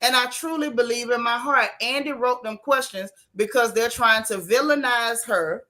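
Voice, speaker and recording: Bright-voiced chatty woman host. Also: on the high side, normal speed. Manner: animated, chatty and blunt, with casual Southern-style grammar. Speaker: host of a reality TV recap channel. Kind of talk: casual live-stream commentary reading viewer chats.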